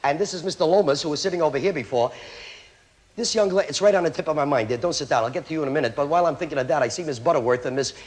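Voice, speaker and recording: A man performing a memory act on a TV magic show, joking with the studio audience as he calls out names one after another. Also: on the high side. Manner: brisk, joking, rattles off names. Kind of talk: stage patter to a studio audience.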